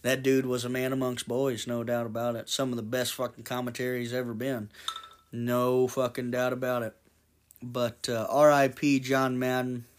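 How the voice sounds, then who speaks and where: Casting: man in his twenties, podcast host, solo rambling monologue, profane and jokey, mid-pitched voice. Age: 20s. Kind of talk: casual monologue.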